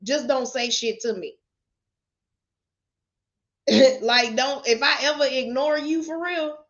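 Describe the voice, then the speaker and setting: Unfiltered motivational lady cussing and laughing on a live, kinda high voice, muffled stream sound. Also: a bit bright. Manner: blunt, profane, laughs often. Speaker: motivational speaker. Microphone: webcam or phone camera.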